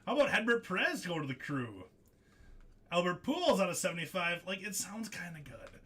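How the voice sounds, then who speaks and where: A man hosting a live card break, excitable and jokey, laughing often as he calls out hits. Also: high-pitched, a little fast, slightly rough. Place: studio.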